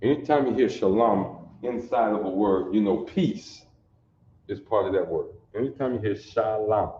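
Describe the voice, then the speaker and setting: A man teaches a language lesson slowly and word by word, with a lowish voice and dark tone. He keeps repeating himself and checks often that his class understands, recorded on dull lo-fi audio in an echoey room.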